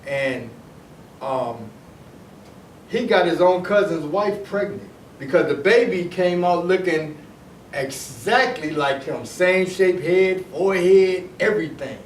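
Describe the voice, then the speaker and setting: A middle-aged man from Detroit talks through his own story in a loose, rambling way, going back over his words and starting sentences again. His voice sits a little higher than most men's. He sounds set back from the mic in an echoey room, with a faint hiss behind him. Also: lively intonation, takes it slowly, distant mic. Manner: rambling, repeats himself, restarts sentences. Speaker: storyteller recounting his past. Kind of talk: casual personal storytelling.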